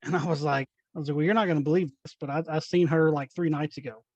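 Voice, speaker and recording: A man's voice: on the high side, quick pace, dry recording. A man telling ghost stories as an interview guest, acting out quoted dialogue. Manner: animated, acts out quoted dialogue. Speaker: paranormal investigator guest. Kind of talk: casual storytelling. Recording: dull dry sound.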